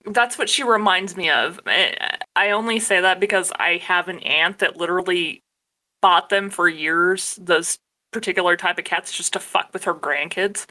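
A young woman in casual conversation, emphatic and blunt, with a bright, forward voice. Her pitch sits a little low for a woman, and she talks in easy, run-on sentences. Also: normal speed. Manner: emphatic, swears casually, frequent laughter. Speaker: podcast co-host. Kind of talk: casual chat.

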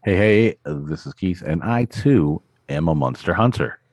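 A man's voice: low voice, lively intonation, unhurried, darkish tone, no echo. A man co-hosting a podcast in casual chat, easygoing and self-deprecating as he tells stories. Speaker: podcast co-host.

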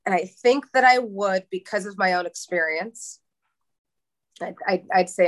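A woman in her thirties from New York talks openly as an interview guest. She speaks haltingly, with many restarts and repeated words, at a medium pitch for a woman. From New York, USA. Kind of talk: candid emotional interview talk.

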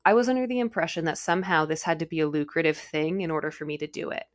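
A young woman co-hosting a casual podcast, talking excitedly about spirituality, with sudden high, loud bursts. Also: racing. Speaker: podcast co-host.

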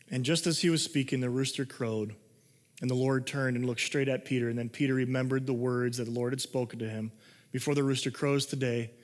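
A man preaching a sermon in a conversational way, reading scripture and explaining it, moving between excited and hushed delivery. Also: mid-range voice. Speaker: pastor. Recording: long hall reverb.

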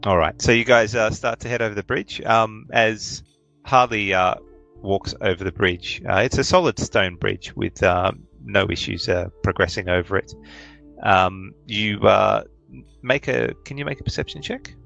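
Game master, male, low gravelly voice, halting narration full of fillers. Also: a bit bright, lo-fi sound, soft background music. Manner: hesitant, lots of ums and uhs.

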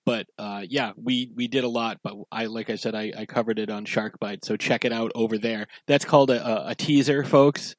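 Relaxed man hosting a horror podcast. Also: mid-range voice, moderate pace, few pauses, no echo. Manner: relaxed, filler-heavy with frequent "uh". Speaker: podcast co-host. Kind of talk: casual podcast chat.

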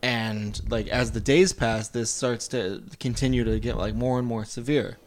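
A man hosting a podcast, chatting casually and walking through a story with lively, filler-heavy speech. His voice sits at an ordinary middle pitch. Faint noise and clicks sit behind him. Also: normal speed. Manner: animated plot retelling, many "like" fillers. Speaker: podcast host. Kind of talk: casual chat.

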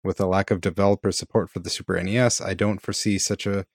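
A man's voice: sits low, steady tone, quick pace, dry recording, clean studio sound. A man with a Minnesotan accent co-hosting a casual podcast, reading an old letter aloud, laughing and stumbling over words. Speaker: podcast co-host.

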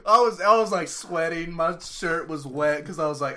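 A young man telling a story in a relaxed chat with friends, unhurried and amused. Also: fairly high pitch. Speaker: podcast co-host. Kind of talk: casual chat among friends. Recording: faint background noise.

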